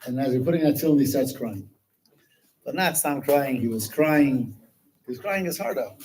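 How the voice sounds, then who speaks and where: A male rabbi telling a story at a Chassidic gathering, animated, with Hebrew words dropped into his English. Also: mid-range voice, normal speed, a little hiss or hum, low-quality recording.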